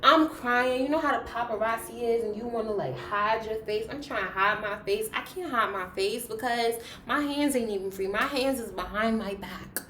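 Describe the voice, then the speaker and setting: A young woman vlogger telling a story in a casual, animated way, her voice jumping from soft to loud as she relives it. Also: fairly high pitch, normal speed, hardly any pauses, a little hiss or hum. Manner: animated, dramatic retelling with big swings in loudness. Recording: roomy echo.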